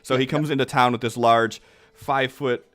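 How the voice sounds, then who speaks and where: A man narrating a tabletop game as the game master, in a relaxed way with lots of fillers. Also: mid-range voice, moderate pace.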